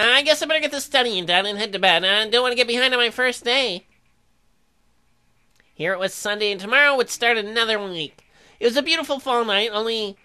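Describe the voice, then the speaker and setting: A woman reading dating-sim narration aloud in a deadpan way, broken up by crude joking asides. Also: fairly high pitch.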